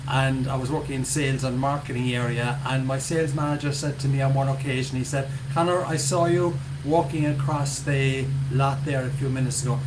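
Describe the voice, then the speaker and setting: A man's voice: medium pitch, fairly quick, few pauses. An Irish man talking as a podcast guest, chatty and joking as he tells stories. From Ireland. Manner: chatty, joking, relaxed storyteller. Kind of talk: casual interview chat. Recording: loud background noise.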